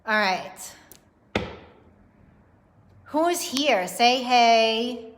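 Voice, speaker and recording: A woman's voice: a little high, expressive, extremely slow, slight background noise. A young woman giving a casual livestream tarot reading, chatty and profane, laughing often and greeting viewers by name. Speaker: tarot reader.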